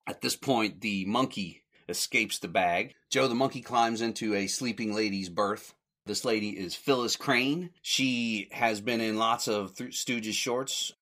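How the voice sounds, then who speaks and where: A man's voice: lowish voice, measured pace, a bit bright. A man hosting a podcast, casually recapping in a rambling, self-correcting way and chuckling along. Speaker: podcast host.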